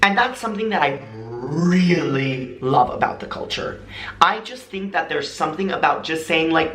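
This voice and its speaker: Animated American man vlogging. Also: on the high side, moderate pace. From United States. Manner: animated, dramatic storytelling that switches into imitated voices. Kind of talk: casual talk to camera. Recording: echoey room.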